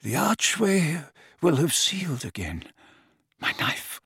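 This is a tired old wizard headmaster, gentle and faint, speaking softly with slurred edges, voiced by a male narrator. The voice sounds weak and drawn out. The recording is dry and close, with no room sound. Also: a little high, very animated, breathy edge, no echo, voice pushed up, full character voice. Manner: soft and measured. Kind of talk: audiobook character reading.

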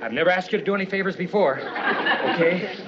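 An actor playing an excitable, boastful military officer who talks in a gleeful, teasing way. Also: male voice, high voice, brisk, dull audio, heavy background noise, close to an everyday voice. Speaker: army major.

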